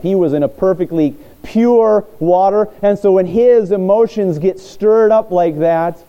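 Earnest preaching man, dark mellow voice. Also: mid-range voice, lo-fi sound. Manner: earnest preaching with pauses and restarts. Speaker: pastor. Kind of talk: sermon.

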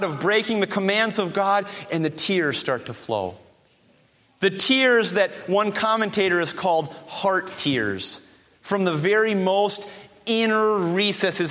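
Male preacher, high voice, emphatic, repeats himself, asks rhetorical questions, long hall reverb. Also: fairly bright tone. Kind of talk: sermon.

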